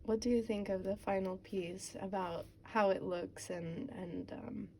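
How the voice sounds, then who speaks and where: Mellow-voiced young woman asking questions. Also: mid-range voice, unhurried, slight background noise. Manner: relaxed, thoughtful, laughs at her own jokes. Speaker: artist and interviewer. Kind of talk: casual interview chat. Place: outdoors on a city street.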